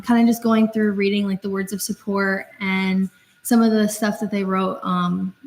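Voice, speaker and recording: A woman's voice: medium pitch, rough recording. A young woman speaking in a student senate debate, casual with many fillers. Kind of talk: speech in debate.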